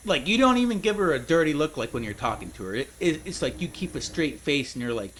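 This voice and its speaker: A man's voice: on the high side, very animated, fast talker, few pauses, a bit bright, slight background noise, low-quality recording. A young man gaming at home, telling a long rambling story, laughing often and calling people dude and man. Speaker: gaming streamer. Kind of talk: casual storytelling while gaming.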